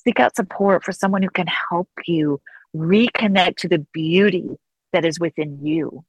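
A woman speaks as an interview guest in a fairly low voice, earnest and reflective. She draws out her key phrases slowly for emphasis. The sound is dry and close, with no room echo. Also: husky, lo-fi sound. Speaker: guest author and counselor. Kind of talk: conversational interview.

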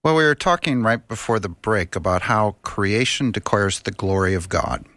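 A man's voice: on the low side, normal speed, a bit bright, no room sound. A man speaking as a radio studio guest, earnest and preachy. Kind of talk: talk radio conversation.

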